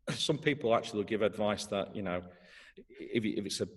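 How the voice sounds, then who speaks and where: A man's voice: lowish voice, brisk, husky, big-room sound. A middle-aged man teaching trombone in an online masterclass, hesitant, with many fillers and restarts.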